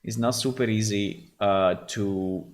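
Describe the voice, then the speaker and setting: A man with an Italian accent hosts a developer stream, bluntly critiquing test voices and swearing freely. He's a game developer speaking in casual livestream commentary, his voice fairly low, his tone steady, his pace slow.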